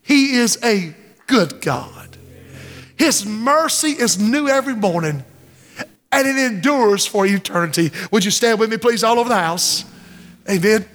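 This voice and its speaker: A middle-aged man preaching a sermon in a large church, swinging from low, intense passages to loud, impassioned cries. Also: expressive, a little slow. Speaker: pastor. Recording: church hall with long reverb.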